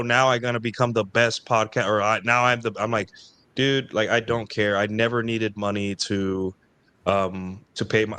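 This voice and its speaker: A man hosting a casual podcast chat, blunt and profane, mimicking others in high mocking voices. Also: a bit bright, clean tone, no room sound. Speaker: podcast host.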